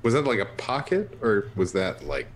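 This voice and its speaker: A man's voice: lowish voice, huge pitch swings, normal speed, a little hiss or hum. A man playing a tabletop game in character, rambling with lots of "like" and eager questions. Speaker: player. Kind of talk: in-character tabletop role-play.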